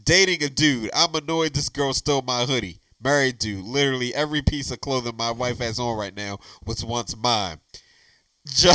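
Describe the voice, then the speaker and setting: A man's voice: mid-range voice, normal speed, sharp tone, dry recording, low-quality recording. A man, bantering on a podcast, emphatic and repeating himself, laughing as he reads aloud. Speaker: podcast co-host. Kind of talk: casual banter.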